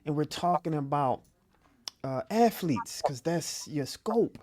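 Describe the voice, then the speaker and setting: A man's voice: fairly high pitch, animated, slow, darkish tone. A man hosting a talk show, chatting in a laid-back way with loose slang and rambling questions. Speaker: host. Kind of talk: casual talk show chat.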